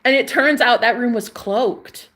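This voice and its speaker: A woman's voice: a little high, a little slow, fairly bright tone. Woman vlogger telling a story at home; loose, chatty delivery full of laughs and swearing. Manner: rambling, laughs often, swears freely. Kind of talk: casual storytelling to camera. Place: at a table at home.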